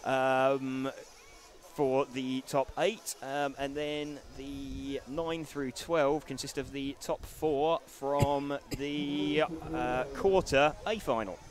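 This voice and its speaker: A man's voice: mid-range voice, steady tone, slow. A man commentating a live race, dry and matter-of-fact, reading out driver lists and describing the track.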